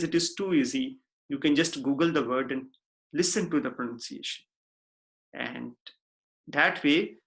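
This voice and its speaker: A man giving a recorded lecture in a deliberate, repetitive way, often checking in with the listener. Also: fairly high pitch, vocal fry, pushed and bright. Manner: deliberate, repeats himself, frequent "okay?" checks.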